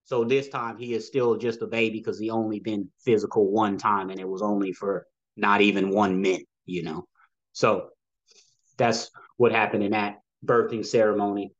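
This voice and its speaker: A man's voice: fairly low pitch, steady tone, normal speed, muffled recording. A man telling a personal story as a podcast guest, rambling and acting out dialogue with frequent "you know" asides.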